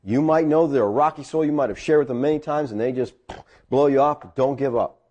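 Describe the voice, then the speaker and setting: A middle-aged man, a pastor, telling a personal story in a sermon and rising high when he gets excited. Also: brisk, highs cut off.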